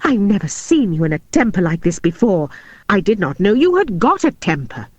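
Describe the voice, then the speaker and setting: A woman voicing a gentle mother who speaks earnestly and reprovingly. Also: medium pitch, sing-song, normal speed, no room sound.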